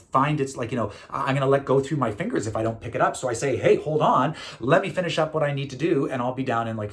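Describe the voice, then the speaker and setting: A middle-aged man from Canada talking casually to camera, telling a story with lots of fillers and restarts. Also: mid-range voice. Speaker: speaker and consultant.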